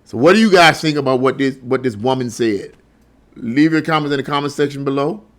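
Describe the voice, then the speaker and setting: A middle-aged man with a brisk, mid-range voice hosts political commentary on his own. Blunt and heated, he tends to repeat words as he grows agitated.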